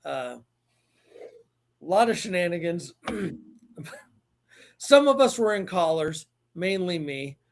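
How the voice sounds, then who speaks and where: Male co-host, casual stream banter, profane, quick to laugh. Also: high voice, sing-song. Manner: crude, joking, laughs often. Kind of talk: casual chat.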